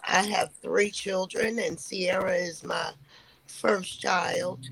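Woman, middle-aged, gravelly, husky, slow, emphatic. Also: medium pitch, fairly even intonation, a bit bright, rough recording. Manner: slow, emphatic, halting repetitions. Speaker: mother, panel guest. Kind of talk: heartfelt panel introduction.

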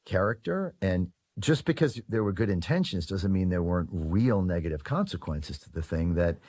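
A man from New York giving a measured, self-critical interview answer in an earnest way. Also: low voice, lively intonation, a little mellow. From Queens, New York. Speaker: voice actor in an archive interview clip.

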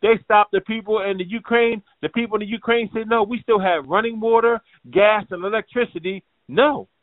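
A man with a fairly high voice rants and curses in a combative, rambling way. The sound is tinny and phone-like, and dry with no room around it. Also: fairly quick, dry recording. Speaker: show host. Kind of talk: ranting commentary.

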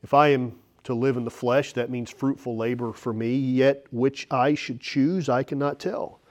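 A man's voice: mid-range voice, moderate pace. Conversational male pastor preaching. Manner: conversational preaching with self-deprecating asides and laughs; reads scripture aloud, rising animated at personal points. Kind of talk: sermon.

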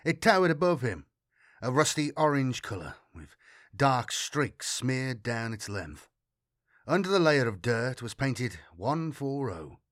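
Measured male audiobook narrator. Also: mid-range voice, sing-song, fairly bright tone, no echo, clean studio sound. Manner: measured, dramatic reading. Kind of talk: scripted narration of science fiction.

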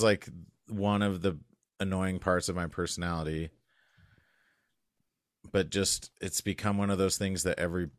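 A man co-hosting a podcast in casual chat, chatty and opinionated with quick asides. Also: deep voice, no room sound, studio quality. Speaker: podcast co-host.

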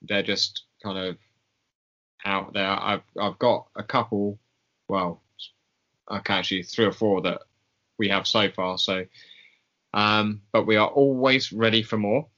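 Male comedy podcast host, bright voice, rambling, slightly dull audio. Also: fairly low pitch, fairly even intonation, unhurried, long pauses. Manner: rambling, with many fillers. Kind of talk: casual chat.

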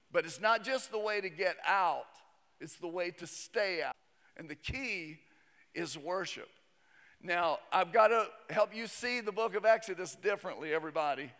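High-voiced pastor preaching in a hall. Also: male voice, fairly bright tone. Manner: conversational, joking asides. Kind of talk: sermon. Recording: long reverb of a large hall.

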